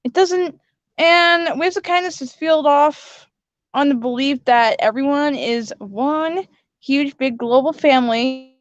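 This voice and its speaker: A woman's voice: sits high, measured pace, no echo, lo-fi sound. A woman hosting her own video, explaining her project patiently and scolding her sidekick character by turns. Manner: patient, then scolding and corrective. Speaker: host presenting her kindness platform. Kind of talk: casual skit and explanation.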